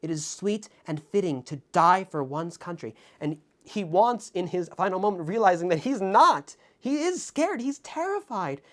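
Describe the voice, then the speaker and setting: Earnest, halting man reviewing a film. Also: sits high. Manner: reflective, halting with many fillers and restarts; earnest, openly moved. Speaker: film review channel host. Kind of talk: casual spoken film commentary to camera. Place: indoors in front of a camera.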